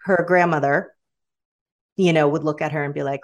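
A woman guest in casual conversation, telling animated stories and slipping into quoted voices. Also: low voice, moderate pace. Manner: animated storyteller who slips into quoted voices.

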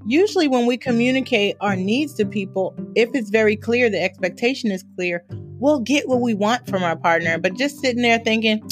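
A woman speaking as a therapist on a podcast, telling stories in a lively way and laughing often. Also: fairly high pitch, brisk, faint music behind. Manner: animated storytelling with frequent laughter. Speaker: therapist guest. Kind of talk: podcast interview.

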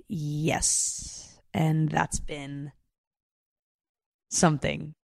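Low-voiced young woman, blunt and candid. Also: little pitch movement, drawn-out words, gravelly, a little mellow, dry recording, clean studio sound. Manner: candid and blunt, heavy use of filler words. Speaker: podcast guest. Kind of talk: casual chat. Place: Los Angeles.

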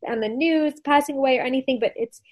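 A woman in her thirties hosts a podcast in a casual, chatty way. Her voice sits a little high, and she talks in an animated tone while sharing stories as a parent. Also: fast talker. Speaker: podcast host. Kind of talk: casual chat.

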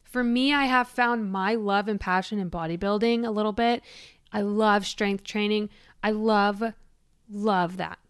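A bubbly Michigan woman in her twenties hosts her own podcast, gushing casually and saying "like" a lot. Her medium-pitched, clear, resonant voice stays fairly even and unhurried, recorded dry in a clean studio.

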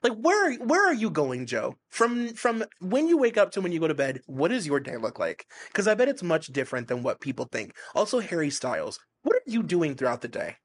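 A man's voice: on the high side, very animated, brisk, hardly any pauses. Man, podcast co-host, casual chat, rambling, giggly, hazy and stoned. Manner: rambling, frequent laughs and fillers.

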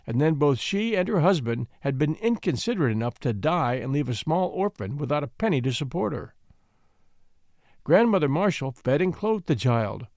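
A man narrating a classic storybook in an expressive, gently measured way. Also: fairly high pitch, no room sound, studio quality.

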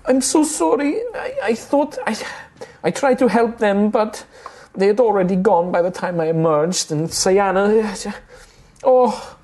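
A man voicing a tiny halfling woman, tearful and shaken, speaking high and apologetic in a tabletop game. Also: animated, normal speed, dark tone, natural voice. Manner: sobbing, apologetic.

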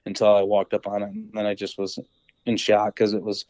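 A man's voice: on the low side, completely flat delivery, a little fast, warm tone, no room sound, low-quality recording. A young man, a podcast guest, telling a hunting story in a rambling casual way, full of fillers and acted-out quotes. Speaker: podcast guest, deer hunter.

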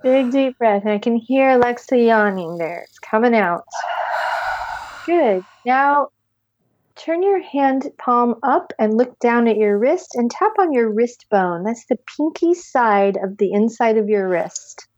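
A woman's voice: on the high side, measured pace, no room sound. Woman coaching a tapping session, dull dry sound. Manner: calm step-by-step instructions, leading group repetition. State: deep audible sighs and yawns between phrases. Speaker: tapping practitioner. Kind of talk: guided tapping session with breathing.

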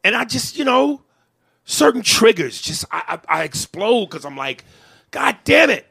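A man's voice: high-pitched, big pitch swings, normal speed, gravelly, sharp tone, slightly rough, no echo. A man, a comedian hosting a podcast, venting in a heated, profane way during a conversation.

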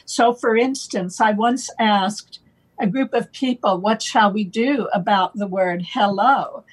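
A woman guest explaining playful wordplay in a relaxed conversational way, slow and deliberate, laughing now and then. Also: mid-range voice, breathy edge, low-quality recording. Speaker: guest on a talk show.

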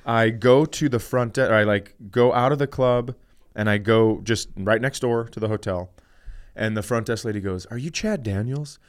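A man's voice: lowish voice, moderate pace, clear, resonant tone. Profane, laughing male comedian storyteller. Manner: animated, profane storytelling, often laughing mid-sentence. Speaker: comedian and podcast co-host. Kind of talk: casual storytelling chat.

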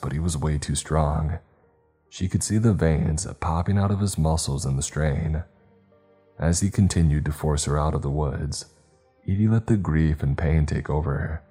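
A man narrating a story in a steady, measured reading. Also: extremely low pitch, breathy edge. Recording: faint background music.

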